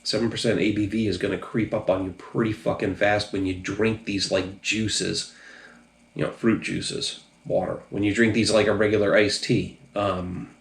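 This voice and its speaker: This drink reviewer is a little tipsy, speaking in a loose, profane, rambling way full of ums on his channel. He has a lowish, level voice at a moderate pace, recorded in an echoey room.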